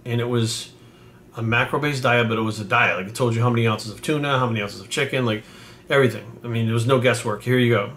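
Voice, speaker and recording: A man's voice: medium pitch, fairly even intonation, fast, a bit bright, slight background noise. A man in his forties from New England, telling a casual story to camera in a rambling, profane way with many fillers. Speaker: fitness coach.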